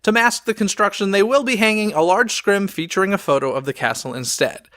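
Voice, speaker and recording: Bright, high-voiced man reading park news. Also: a little fast, dry recording, clean studio sound. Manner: upbeat, reads headlines with sarcastic quips. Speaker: podcast news host. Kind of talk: scripted news roundup with wry asides.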